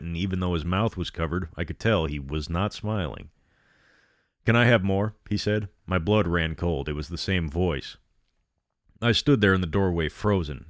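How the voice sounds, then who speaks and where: A man's voice: deep voice, dry recording, studio quality. A man narrating a horror story aloud, with sardonic asides between passages.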